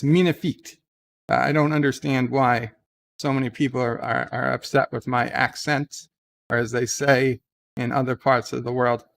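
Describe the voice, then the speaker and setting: A man's voice: mid-range voice, vocal fry, fairly bright tone. A man hosting a casual live stream, chatting and rambling as he reads viewer comments aloud. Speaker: live-stream host reading chat.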